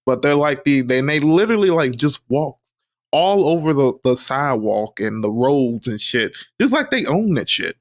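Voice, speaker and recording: A young adult man co-hosting a podcast, telling stories in a rambling, animated way full of fillers. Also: medium pitch, normal speed. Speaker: podcast co-host. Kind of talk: casual chat.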